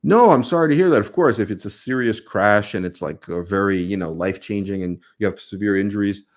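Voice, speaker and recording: A man's voice: on the low side, a little fast. A man with a New York accent, a lawyer answering viewer questions on a casual live stream, speaking conversationally with many fillers.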